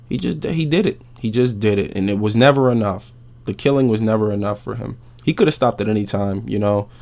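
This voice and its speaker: A man hosting a podcast, recapping a game's story in a casual, profane, animated way. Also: fairly low pitch. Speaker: podcast host.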